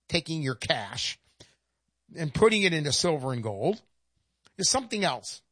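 Woman presenter, folksy and emphatic, sarcastic asides; lively, swooping delivery. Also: sits low, husky, no room sound, clean studio sound. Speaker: presenter pitching gold investment. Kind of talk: persuasive sales monologue.

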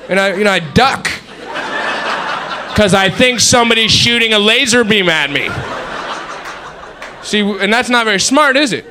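A man's voice: high voice, animated, a little fast, pauses often. A man doing a stand-up routine on a club stage, mimicking sounds with his voice. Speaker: stand-up comedian. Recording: live club recording with crowd noise.

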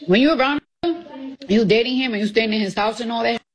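A woman's high voice in a played clip. She gives blunt, profane advice with comic flair. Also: a little fast. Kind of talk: casual monologue clip.

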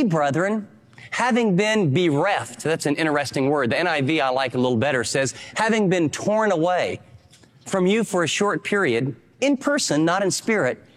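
A man preaching a sermon, emphatic, acting out the quotes he reads. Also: big-room sound. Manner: emphatic, acts out quotes with rising pitch. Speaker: pastor.

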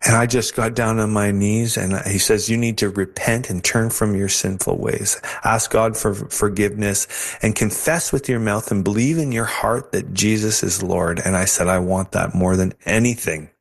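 A man, telling his personal testimony in an earnest, halting way as an interview guest. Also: fairly low pitch, steady tone, gravelly.

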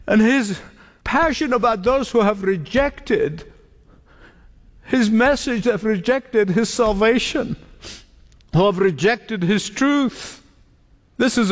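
High-voiced man preaching in a reverberant hall. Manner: preaching, emphatic repetitions, dramatic pauses. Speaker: pastor. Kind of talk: sermon. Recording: long reverb of a large hall.

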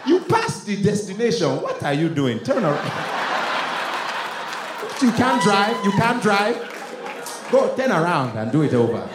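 A man's voice: high-pitched, big pitch swings, a little slow, pauses often, heavy background noise, voice pushed up. A man voicing a bossy Nigerian GPS that scolds the driver, with a put-on Nigerian accent. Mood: scolding. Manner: scolding, commanding. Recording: roomy club with loud crowd.

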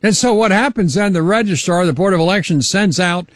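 A male talk radio host with a fairly high voice sets up his questions in a halting, rambling way, stopping and restarting as he goes. The sound is dry and close, with no room echo. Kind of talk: political talk radio interview.

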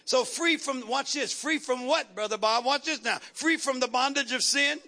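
A preaching man with a very high, bright and forceful voice. He drives his sermon with rhythmic repeated phrases and keeps calling out questions to the congregation. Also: moderate pace. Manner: call-and-response preaching, repetitive rhythmic phrases. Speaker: pastor.

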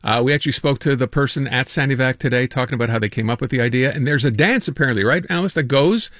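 A man's voice: medium pitch, fast, a bit bright, no room sound, clean studio sound. A man hosting a radio show, chatting casually and joking about news stories, stumbling over words now and then. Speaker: radio host. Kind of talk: casual talk radio banter.

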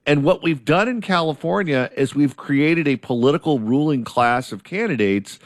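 Male host, measured and pointed, dry close sound. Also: fairly high pitch, lively intonation, no room sound. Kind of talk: political discussion.

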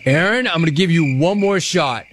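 A man's voice: on the high side, normal speed, slight background noise. Brash, teasing male talk show host. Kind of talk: live call-in show, reading viewer chats.

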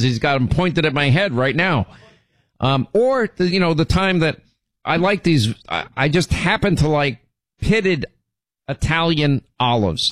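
A man's voice: on the high side, no echo. A middle-aged man hosting a show, telling rambling stories and teasing his co-host in casual banter. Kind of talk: casual on-air storytelling.

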